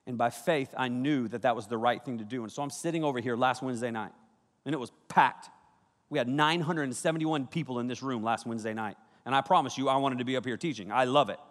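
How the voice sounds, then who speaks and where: Animated youth pastor in a big hall. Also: male voice, medium pitch, fast talker. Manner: energetic and conversational, with sudden loud bursts. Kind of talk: sermon. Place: large auditorium. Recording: reverberant hall.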